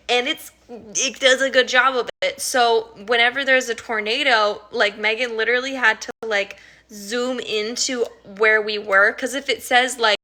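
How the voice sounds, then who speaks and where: A woman's voice: a little high, pushed and bright. A woman musician chatting casually on a livestream, rambling through a story, swearing freely and laughing as she reads viewer comments.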